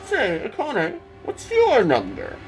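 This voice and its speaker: A woman's voice: fairly high pitch, wildly swooping pitch, takes it slowly, darkish tone, soft background music, voice pushed up, full character voice, poor audio. A woman voicing a pompous, condescending man who holds a girl captive, mocking and scolding her as she reads a visual novel aloud. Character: pompous condescending male captor, adult. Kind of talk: dramatic reading of a visual novel.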